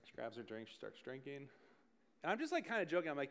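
Chatty man preaching with animated storytelling. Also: fairly high pitch, fast talker. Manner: animated and chatty, full of "like" and restarts, laughing at his own stories. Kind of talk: casual sermon storytelling. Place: church service in front of a group.

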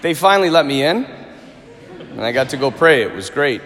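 Animated priest preaching in a big church. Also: male voice, mid-range voice, normal speed. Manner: animated, conversational preaching with humor. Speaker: Catholic priest. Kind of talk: homily. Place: large church. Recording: reverberant church hall.

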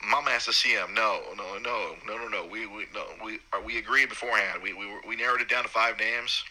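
A man telling the story of his son's birth in a casual, halting way. He is choked up and keeps restarting, and his voice jumps high when he quotes himself. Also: steady tone, pushed and bright, slight background noise, rough recording. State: choked up, holding back tears. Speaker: new father recounting his son's birth.

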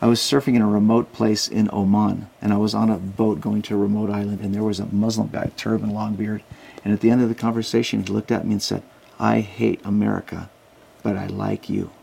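A man guest in a casual interview, telling animated stories and acting out the people he quotes. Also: fairly low pitch, quick pace, creaky, husky. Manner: animated anecdotes, acts out quoted voices. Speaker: guest, Christian outreach worker. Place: Salt Lake City.

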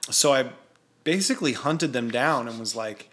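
A man, a music video director and guest, chatting in a relaxed way about his work. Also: medium pitch, moderate pace. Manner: relaxed, chatty, laughs easily. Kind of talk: casual chat.

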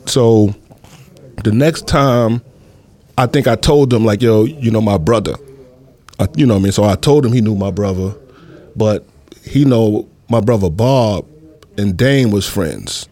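A man's voice: on the low side, a little slow, a little mellow. A middle-aged man from New City, telling stories in a casual interview, rambling and leaning on fillers. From New York City. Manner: laid-back, rambling, many fillers. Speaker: guest.

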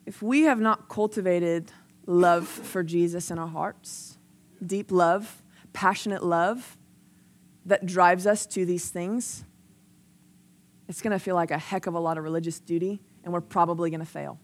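With a lowish, fairly even voice and an unhurried pace, a woman delivers a sermon into a mic. Her earnest, conversational storytelling draws on personal experience, uses "like" often, and grows steadily more intense.

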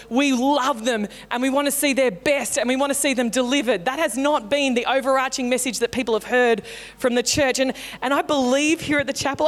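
Woman pastor preaching in a reverberant hall. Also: sits high. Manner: conversational, playful storytelling. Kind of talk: sermon. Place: church auditorium. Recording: long hall reverb in a church.

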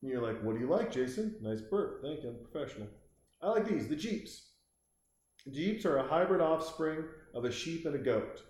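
A man's voice: fairly high pitch, animated, normal speed, darkish tone. A man hosting a casual comic monologue, rambling and swearing with frequent restarts. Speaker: host. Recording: very echoey room.

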